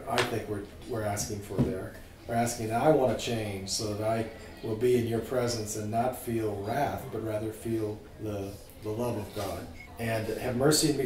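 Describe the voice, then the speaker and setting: A man teaching a small group about scripture, informal and animated, asking his listeners questions. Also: medium pitch, reverberant, recorded from a distance, rough recording. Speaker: priest teaching a catechism class.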